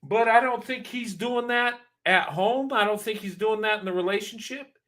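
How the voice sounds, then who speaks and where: A man's voice: sits high, normal speed, a bit bright. A man hosting a reaction video, giving casual commentary in an emphatic, preachy way and repeating points for stress.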